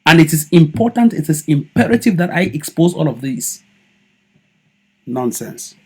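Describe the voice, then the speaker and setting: A man's voice: a little high, very animated, moderate pace, breathy edge. A man with a Cameroonian English accent mixed with Pidgin, giving a heated, accusatory political monologue and repeating lines for stress. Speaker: political activist. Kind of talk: impassioned video monologue.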